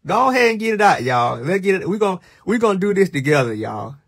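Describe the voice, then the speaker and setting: A young man, talking casually and teasingly to viewers on a livestream. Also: high-pitched. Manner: teasing, animated, drawn-out bursts of mock alarm. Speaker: livestream host.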